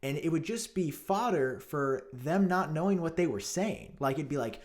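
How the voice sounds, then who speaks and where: A man vlogging to camera in a mock-outraged, sarcastic commentary, theatrical and swinging between loud jabs and muttered asides. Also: a little high, lively intonation, normal speed, hardly any pauses. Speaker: tech vlogger.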